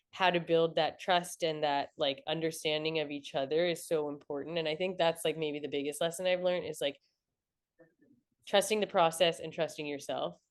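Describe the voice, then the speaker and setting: A young woman entrepreneur talking through lessons in a casual interview, reflective and peppered with "like". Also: lowish voice. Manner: reflective, frequent "like" fillers. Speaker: entrepreneur guest.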